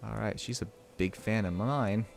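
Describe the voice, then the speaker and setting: A man giving casual live commentary while streaming a strategy game, thinking out loud and reading the game's text aloud. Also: lowish voice, normal speed, vocal fry, faint music behind.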